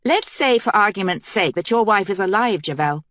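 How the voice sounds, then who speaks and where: A woman's voice: mid-range voice, expressive, moderate pace, a bit bright, no room sound, clean studio sound, natural voice. A woman voicing a determined young queen in an audiobook, speaking earnestly and with command.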